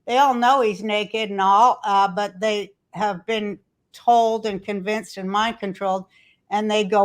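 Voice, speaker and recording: A woman's voice: medium pitch, fairly even intonation, unhurried. An older woman hosting a casual podcast from a hotel room, telling rambling stories and ranting with plenty of swearing. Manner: rambling, profane, storytelling rant. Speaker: podcast host. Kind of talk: casual chat.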